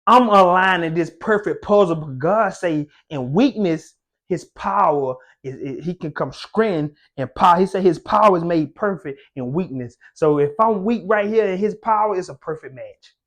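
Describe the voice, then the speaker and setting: Young man, high voice, impassioned devotional talk, slangy and preacher-like. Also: expressive, normal speed, fairly bright tone. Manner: fervent, preacher-like, casual slang. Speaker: faith content creator.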